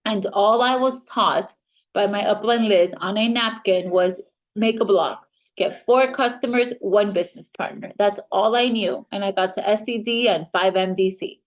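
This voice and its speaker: A woman in a mid-range voice leads a training talk for new team members in front of a live group. She sounds upbeat and direct. When she quotes people, she briefly acts out their voices. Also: mid-range voice.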